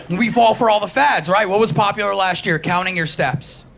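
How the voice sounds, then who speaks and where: Live on stage with the crowd laughing, a man from Queens, New York City, does crude, brash stand-up in a New York accent, playing out the voices he quotes. His voice sits high and sounds creaky and fairly bright, moving at normal speed with hardly any pauses.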